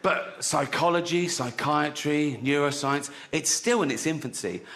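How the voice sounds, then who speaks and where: A man's voice: fairly high pitch, a little slow. Man doing stand-up in a reverberant venue. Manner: deadpan storytelling with acted-out dialogue. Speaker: stand-up comedian. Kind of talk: stand-up routine. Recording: reverberant venue, faint noise.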